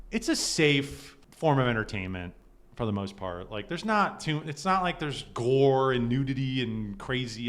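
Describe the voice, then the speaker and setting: A man's voice: medium pitch, fairly bright tone. A man commenting casually on a livestream, conversational and exasperated, laughing often. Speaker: streamer reacting to clips.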